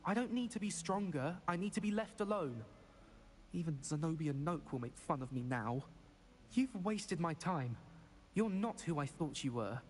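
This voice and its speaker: A man's voice: on the high side, animated, normal speed, in a large hall, natural voice. An actor playing a timid, wounded young male student in a video game, whiny and hurt.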